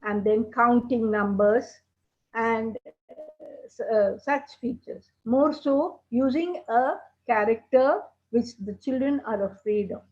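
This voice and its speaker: A woman leads a puppetry workshop in a gentle, explanatory teaching manner. She speaks slowly, with a slightly high voice. The recording sounds dull and lo-fi.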